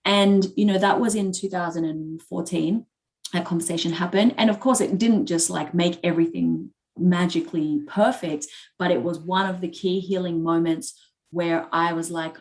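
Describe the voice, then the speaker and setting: A woman's voice: lowish voice, fairly even intonation, moderate pace, a little mellow. A woman co-hosting a podcast, telling a personal story in a candid, emotional way and swearing freely. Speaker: podcast co-host. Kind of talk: personal storytelling in casual chat.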